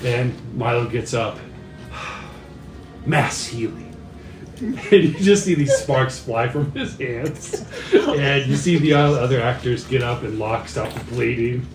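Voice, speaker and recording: A man narrating a tabletop game as game master, often jumping into shrill comic voices for the figures. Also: slow. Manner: animated, jumps into shrill comic voices for the cast. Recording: echoey room, far from the mic, faint music.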